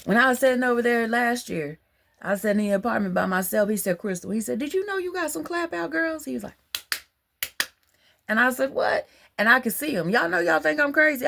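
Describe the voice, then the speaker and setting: A woman, talking in a rambling, animated, colloquial monologue about religious ideas. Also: on the high side, creaky, a little hiss or hum. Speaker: religious vlogger. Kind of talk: casual monologue.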